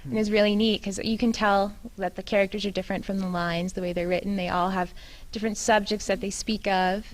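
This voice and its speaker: A woman's voice: medium pitch, little pitch movement, fast, low-quality recording. A woman, a cast member, chatting casually in an interview with loose, filler-heavy talk.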